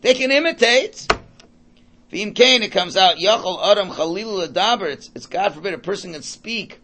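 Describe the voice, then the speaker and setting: Man, Torah teacher, high voice, very animated, conversational, mixes Hebrew and Yiddish terms. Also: normal speed, slight background noise. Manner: conversational, repeats words while thinking aloud. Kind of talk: informal Torah class.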